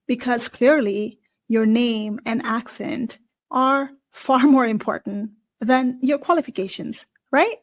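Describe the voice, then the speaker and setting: A woman with a non-native English accent hosts a podcast monologue. Her voice sits fairly high, and she talks at an unhurried, deliberate pace. Her tone stays wry and sarcastic throughout. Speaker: podcast host and career strategist.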